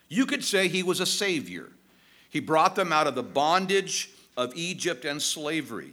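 A man's voice: a little high, sharp tone. A man preaching a sermon, earnest and at times passionately pleading as he reads and explains scripture.

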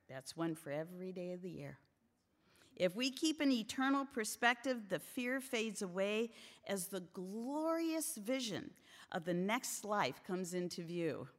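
A woman teaching a Bible study to a group of women, earnest and emphatic as she preaches. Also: medium pitch. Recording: long hall reverb.

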